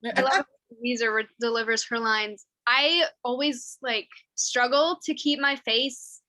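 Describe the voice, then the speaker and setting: A woman actor chats in a giggly, amused way. Her voice is high and bright, with a dry, close sound. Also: steady tone, unhurried, dry recording, poor audio. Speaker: stage actor. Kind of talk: casual interview.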